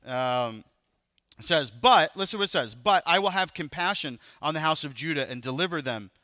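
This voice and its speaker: Bright-voiced male pastor, casual sermon. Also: a little high, expressive, normal speed, dry recording, clean studio sound. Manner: conversational, jokes with the congregation.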